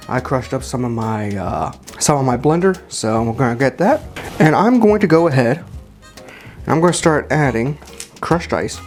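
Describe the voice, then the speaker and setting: A man talks casually through a cocktail recipe at his home bar, full of fillers and quick self-corrections. His mid-pitched voice is animated and moves a lot. Faint music plays underneath. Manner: chatty and informal, with many fillers and self-corrections. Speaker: home bartender demonstrating cocktails.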